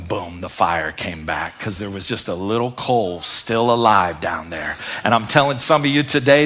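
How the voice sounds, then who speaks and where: Fiery, bright-voiced male preacher. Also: lowish voice. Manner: fiery, preaching with shouted peaks and call-and-response. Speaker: pastor. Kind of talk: sermon.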